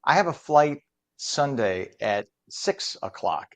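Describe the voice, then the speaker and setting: A middle-aged man hosts a morning TV show in a chatty, slightly rambling way. His voice sits at an ordinary mid pitch, and he moves easily between banter, traffic reports and guest introductions. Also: sing-song, takes it slowly. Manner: chatty, rambling, self-deprecating. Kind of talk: live TV news and talk hosting.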